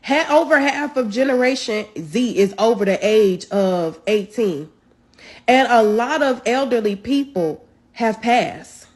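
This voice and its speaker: A woman's voice: on the high side, lively intonation, slow, husky, no room sound. A woman delivering an angry, profane social media rant straight to her followers. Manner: furious, profane, emphatic.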